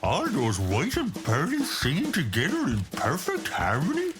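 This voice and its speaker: A cheerful cartoon dog sidekick. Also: female voice, deep voice, huge pitch swings, moderate pace. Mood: amused. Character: cheerful loyal pet dog, playful sidekick. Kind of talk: children's cartoon voice acting. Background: music.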